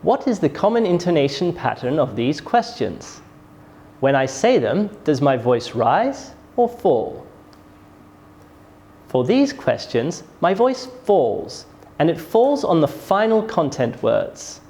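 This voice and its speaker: Speaking slowly in a sing-song, mellow, medium-pitched voice, a pronunciation teacher works through a scripted English lesson. The model sentences carry careful, exaggerated rises and falls.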